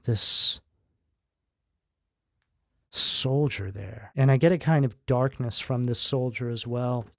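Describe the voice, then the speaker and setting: A man doing a tarot reading in a loose, conversational way, often checking in with "right?" and filling pauses with "um". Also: medium pitch, vocal fry, a little mellow, no room sound, studio quality. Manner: conversational, keeps asking "right?", fillers. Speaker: tarot reader. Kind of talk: casual tarot reading monologue.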